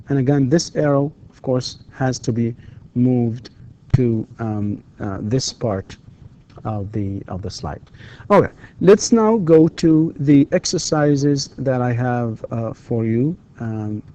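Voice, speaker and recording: A man's voice: medium pitch, lively intonation, slow, dark tone, highs cut off. A man teaching an English grammar lesson, mixing in explanations and acting out questions with strongly rising intonation, full of fillers. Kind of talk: recorded distance-learning grammar lecture.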